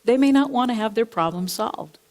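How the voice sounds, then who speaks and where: In a church sanctuary, a woman minister preaches a sermon built around a personal counseling story, repeating and rephrasing her points as she goes. Her voice is fairly high-pitched with a darkish tone, lively in intonation and fairly quick.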